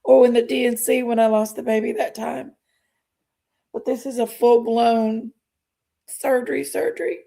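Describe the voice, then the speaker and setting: A middle-aged woman, chatting on her livestream in a halting, emotional way, sighing between phrases. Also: fairly high pitch, little pitch movement, vocal fry, mellow. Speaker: livestream host. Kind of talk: casual livestream chat.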